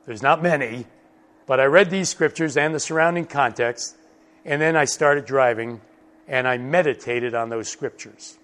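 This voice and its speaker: A man teaching a Bible study lesson, slow and emphatic, repeating key words for stress. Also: mid-range voice, a bit bright. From United States.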